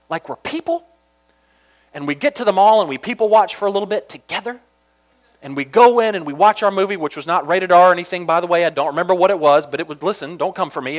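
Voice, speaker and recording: A young man from Georgia telling a funny personal story in an animated, chatty way, full of asides. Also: sits high.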